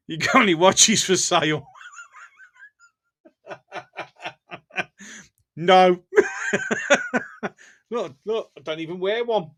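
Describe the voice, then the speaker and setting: A man's voice: fairly high pitch, a bit bright. A man with a Birmingham accent hosting a casual live stream, chatting bluntly with viewers, often laughing between remarks and going off on rants. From England.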